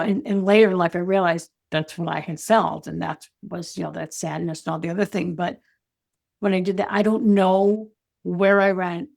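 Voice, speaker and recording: A woman speaking as an interview guest, telling a personal story in a reflective, halting way with many "you know" and "like" fillers. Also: lowish voice, creaky, darkish tone. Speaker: intuitive guide and energy advisor, guest.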